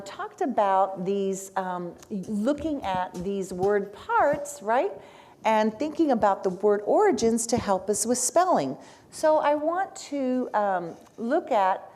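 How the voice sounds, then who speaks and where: Animated woman lecturing teachers. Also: lowish voice. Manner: animated, asks the audience questions, frequent "right?"; speaks as the learner in first person. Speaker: lecturer on spelling instruction. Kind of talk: workshop lecture.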